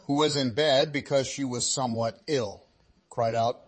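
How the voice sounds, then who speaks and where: Man, storyteller, fairy tale reading, measured cadence, middle pitch. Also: fairly even intonation. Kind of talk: fairy tale read-aloud narration.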